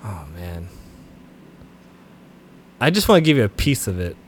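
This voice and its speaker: A man co-hosting a podcast in casual banter, joking and quick to laugh. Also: lowish voice, big pitch swings, slight background noise. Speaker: podcast co-host.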